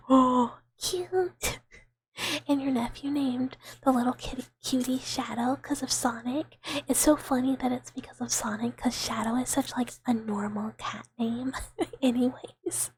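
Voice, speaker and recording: A young woman whispering in an ASMR chat stream, soft and giggly, rambling with fillers on a close mic. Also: sits high, steady tone, measured pace.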